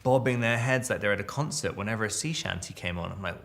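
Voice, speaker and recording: A man's voice: fairly low pitch, quick pace, creaky, few pauses, a bit bright. A man being interviewed about his acting roles, rambling and amused at himself, restarting his sentences often.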